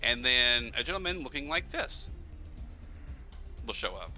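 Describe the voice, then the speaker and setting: A man's voice: mid-range voice, very animated, a little slow, pushed and bright, faint music behind. Rambling man running a tabletop game. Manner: rambling, casual, lots of fillers. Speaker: game master. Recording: slightly muffled stream audio.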